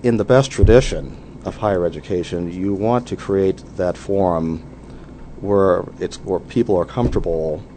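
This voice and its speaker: Deep-voiced man musing in an interview. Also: dark tone, slight background noise. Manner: measured, many "you know" fillers. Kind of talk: conversational interview.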